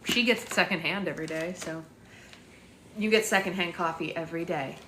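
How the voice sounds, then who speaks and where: A woman's voice: on the low side, fairly quick, noisy background. A young woman hosting a casual live stream at home, rambling to her viewers and slipping into sing-song baby talk with her daughter. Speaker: live-stream host and mother.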